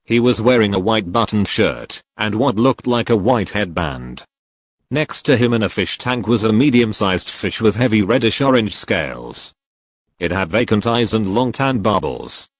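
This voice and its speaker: A man narrating a fan fiction story aloud in a lively storytelling way. His voice sits low, swings widely in pitch, and sounds dry and close. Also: moderate pace, no echo.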